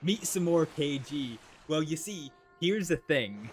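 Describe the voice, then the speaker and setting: A man's voice: on the high side, lively intonation, takes it slowly, a little hiss or hum. A man streaming a role-play game in casual livestream chat, rambling and restarting his sentences at a home desk mic. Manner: chatty, rambling, restarts and trails off often. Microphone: desk microphone.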